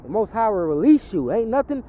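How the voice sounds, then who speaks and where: A man's voice: high-pitched, big pitch swings, a little fast, dark tone, lo-fi sound, slight background noise. A man telling a personal testimony in casual street talk, rambling and profane, slipping into an emphatic preaching tone.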